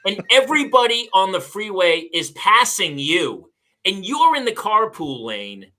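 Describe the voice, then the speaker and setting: A man's voice: high voice, a little slow. A man hosting a podcast, chatting casually and acting out people's lines as he tells stories. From California. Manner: animated storyteller, acts out other people's lines. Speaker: podcast host. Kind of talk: casual chat.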